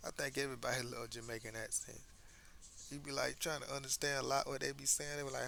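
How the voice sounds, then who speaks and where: An American man hosts a casual commentary monologue, pressing his points emphatically and stumbling over repeated words. His voice has a gravelly, creaky edge and a bright, forward tone. A faint hiss of background noise sits under the recording. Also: medium pitch, steady tone, a little fast. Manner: conversational, emphatic, repeats words when restarting. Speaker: commentary host.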